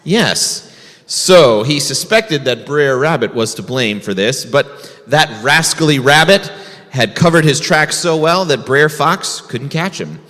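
A man's voice: medium pitch, animated, a little slow, a bit bright, big-room sound. A man, a rabbi, telling a folk tale to children in a folksy way, asking the kids questions. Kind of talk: storytelling to children.

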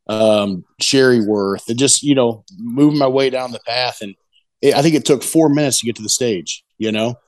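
This casual interview features a middle-aged barbecue competitor telling an excited, rambling story at a moderate pace. His voice is mid-range, he often says "you know what I mean," and the sound is dry.

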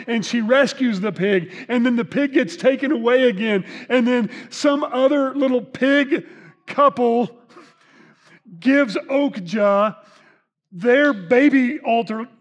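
A pastor preaching a chatty sermon into a microphone, joking with the congregation and asking them many questions. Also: male voice, very high voice. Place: church sanctuary. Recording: reverberant hall.

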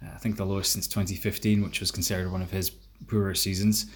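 A man co-hosting a casual sports podcast, talking through games in a measured, opinionated analysis manner, recorded on a phone. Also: sits low, little pitch movement, slight background noise. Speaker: podcast co-host.

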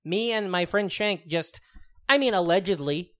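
A man's voice: high-pitched, moderate pace, fairly bright tone. A man in his thirties co-hosting a podcast, chatting casually in a rambling, profane way, with lots of fillers and frequent laughs. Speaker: podcast co-host. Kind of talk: casual chat.

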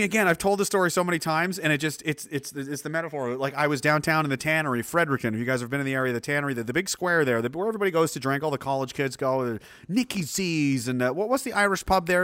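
A man in his thirties from New Brunswick talks casually to his stream chat in a bright, forceful voice. He rambles through a profane story, restarting his sentences again and again, and his pitch swings widely. The sound is close and dry, with no room echo.

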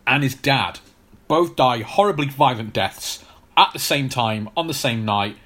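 A man co-hosting a podcast in casual chat, explaining at length with frequent pauses and restarts. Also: mid-range voice, fairly bright tone. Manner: explanatory, hesitant with many fillers and restarts. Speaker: podcast co-host.

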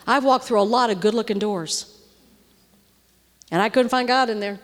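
A woman's voice: fairly high pitch, moderate pace. A middle-aged woman preaching to a room of women in a conversational way. She often checks in with the audience and drops to a near-whisper when moved. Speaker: women's ministry speaker. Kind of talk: sermon. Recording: long reverb of a large hall.

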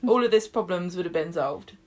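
A woman co-hosting a podcast, recapping a soap in casual chat, animated and laughing often as she acts out the characters' lines. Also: fairly low pitch, moderate pace. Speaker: podcast co-host.

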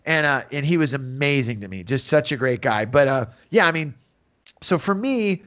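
A man's voice: mid-range voice, animated, normal speed, a bit bright. Interview guest, man in his fifties, loose chatty storytelling full of fillers, dull recording. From San Francisco Bay Area. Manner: rambling, full of fillers, acts out quotes. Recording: dull lo-fi audio.

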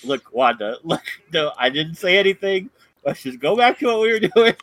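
A man voicing a flustered young woman neighbor who nervously covers up a slip, in a high voice that breaks into laughter. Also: big pitch swings, normal speed, a bit bright.

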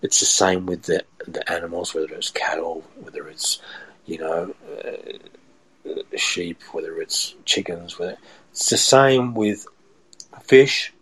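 A man's voice: deep voice, takes it slowly, fairly bright tone, husky, rough recording. A man, a chef chatting as a podcast guest and telling rambling stories with many restarts. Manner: rambling, repeats and restarts phrases. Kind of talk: casual storytelling chat.

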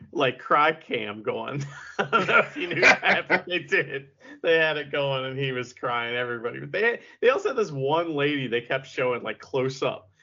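Bright-voiced joking man. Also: fairly high pitch, muffled recording. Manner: laughing, joking banter. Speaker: podcast co-host. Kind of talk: casual wrestling podcast chat.

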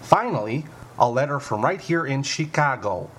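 A man's voice: medium pitch, expressive, moderate pace, fairly bright tone, a little hiss or hum. A man performing a comic mailbag segment, reading letters with mock exasperation and rising panic.

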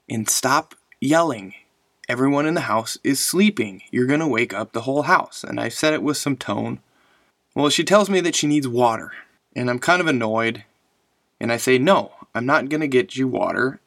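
A man's voice: medium pitch, a bit bright, no echo, studio quality. A man in his thirties, a father hosting his own show, talking in a casual, rambling and reflective way. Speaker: podcast host, father. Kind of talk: casual solo monologue.

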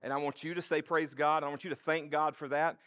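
A man preaching in church, with a voice that sits on the higher side. He talks to his congregation in a loose, conversational way and calls on them to join in. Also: level tone, quick pace, a bit bright. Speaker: pastor. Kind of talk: sermon.

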